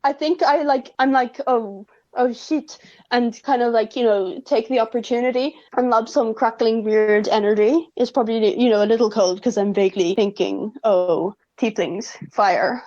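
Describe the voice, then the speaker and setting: A woman with a high voice plays her character in a tabletop game. She talks in loose, rambling stretches full of fillers, and she mocks herself as she goes. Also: moderate pace, few pauses, mellow, highs cut off. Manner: rambling, self-mocking, lots of fillers. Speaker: player. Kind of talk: casual tabletop roleplay.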